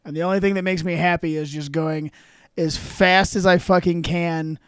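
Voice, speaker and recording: Comedian man, high clear voice, dry close mic, loose profane banter. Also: fairly even intonation, moderate pace, a bit bright, dry recording. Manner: loose, profane, laughs often. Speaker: comedian podcast guest or host. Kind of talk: casual comedy podcast chat.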